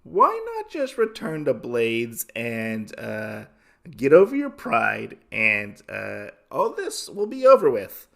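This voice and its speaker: A man's voice: medium pitch, wildly swooping pitch, slow, gravelly, a bit bright. Casual rambling podcast recap guy. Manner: rambling, many fillers. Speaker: podcast host.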